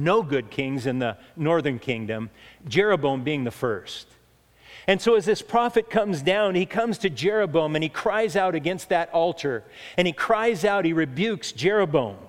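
A man preaching a sermon, earnest and emphatic, slowing down to stress key points, in a church hall. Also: a little high. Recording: echoey hall reverb.

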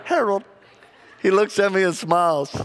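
A man preaching a sermon with animated, humorous storytelling. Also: high voice, normal speed, slight background noise.

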